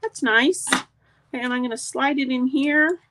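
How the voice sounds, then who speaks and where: A middle-aged woman with a high, unhurried voice chats casually with live viewers while demonstrating a craft project step by step. Background noise can be heard.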